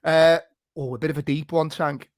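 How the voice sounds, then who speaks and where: A man's voice: fairly high pitch, steady tone, moderate pace, dry recording, studio quality. An English man hosting a podcast in casual, teasing, sweary banter, laughing often. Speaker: podcast host. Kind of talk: casual chat.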